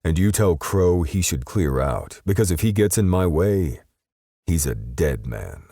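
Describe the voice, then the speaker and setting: A man voicing a ruthless male assassin who snarls his threats flatly, in an audiobook. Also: sits low, unhurried, dry recording, clean studio sound, voice pushed up, exaggerated voice. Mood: menacing.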